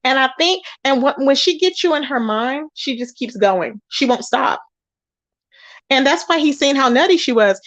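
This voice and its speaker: A chatty woman hosts a live stream, gossiping and answering her chat with pet names like baby and child. Her voice sits a little high, and the sound is dry and close, with no room around it. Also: normal speed, no echo. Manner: animated and chatty, calls viewers "baby" and "child". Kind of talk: casual gossip commentary.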